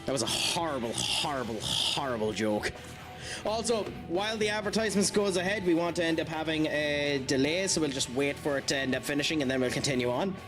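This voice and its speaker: Speaking quickly with hardly any pauses, this Irish-accented man has a fairly high voice as he livestreams a video game. He's chatty and jokey with his viewers between fights, using lots of fillers, while game music plays in the background.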